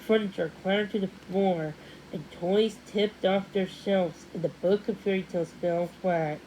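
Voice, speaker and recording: Woman, storybook narration, read-along, gentle, steady, middling pitch, faint hiss. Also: a little slow, rough recording. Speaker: storybook reader.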